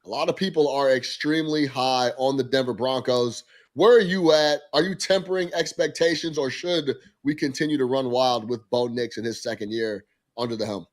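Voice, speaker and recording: A man's voice: mid-range voice, normal speed. A man co-hosting a sports betting show, asking a guest playful, teasing questions. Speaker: co-host. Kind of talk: casual sports chat.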